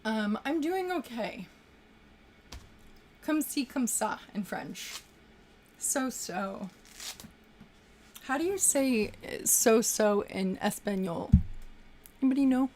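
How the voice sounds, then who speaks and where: A woman's voice: on the high side, animated, takes it slowly, long pauses, a little mellow, slight background noise. A young woman hosting a casual livestream, chatting and effusively thanking viewers for their super chats.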